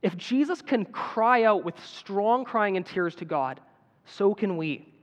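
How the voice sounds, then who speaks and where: High-voiced preacher in an echoing hall. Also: male voice, animated, slow. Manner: earnest, building to emphatic appeals. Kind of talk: sermon. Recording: dull sound with long hall reverb.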